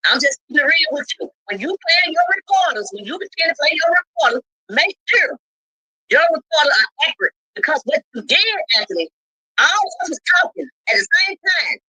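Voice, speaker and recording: A woman telling a heated account of a dispute, emphatic and repetitive, breaking into shouts. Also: sits high, big pitch swings, brisk, dry recording, low-quality recording. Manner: emphatic, repeats herself, bursts into shouting.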